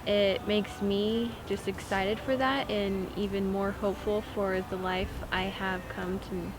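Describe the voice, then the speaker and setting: A teenage girl giving a soft-spoken, sincere personal testimony as a student. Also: mid-range voice, steady tone, measured pace, background noise. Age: teens.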